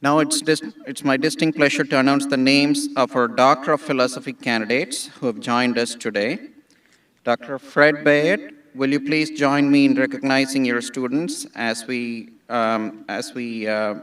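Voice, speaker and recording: A man, an associate dean, reading out graduate names at an outdoor ceremony in a measured way, with small restarts. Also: mid-range voice, steady tone, a bit bright, recorded from a distance.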